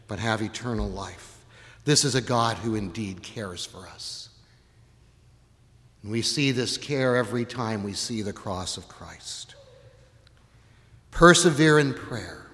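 A man's voice: medium pitch, fairly bright tone. Man preaching a sermon in a reverberant church. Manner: earnest, acts out playful sample prayers. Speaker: pastor.

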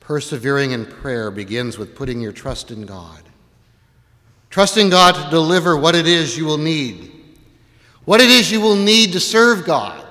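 A man's voice: on the high side, bright, forceful tone, long reverb tail. A male pastor preaching a sermon in an earnest way, now and then acting out playful sample prayers.

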